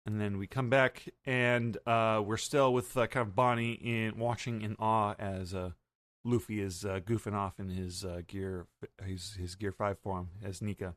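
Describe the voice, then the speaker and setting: A man hosting a podcast, recapping an anime episode in a casual, halting way with many fillers. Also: on the low side, fairly even intonation, a bit bright, dry recording. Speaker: podcast host.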